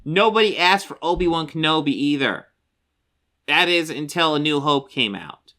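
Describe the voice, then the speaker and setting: Bright-voiced exasperated male commentator. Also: a little high, animated, normal speed. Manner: exasperated, sarcastic, swears casually. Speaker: commentary host. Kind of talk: reaction commentary.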